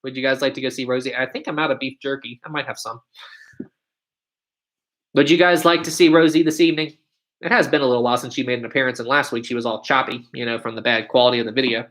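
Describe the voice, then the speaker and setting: An upbeat man in his twenties hosts a relaxed live stream, reading and answering viewer questions. His voice is bright and clear, and he keeps a friendly, chatty flow while thanking viewers again and again. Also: medium pitch, quick pace, poor audio. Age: 20s. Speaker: livestream host.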